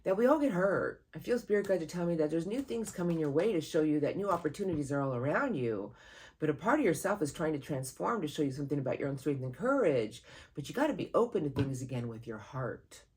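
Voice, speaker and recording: Tarot reader, mid-pitched, husky tone; earnest, encouraging monthly reading with lively bursts. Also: quick pace. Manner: animated, sudden jumps in pitch and loudness, laughs at the cards; earnest, encouraging, talks to spirit guides aloud.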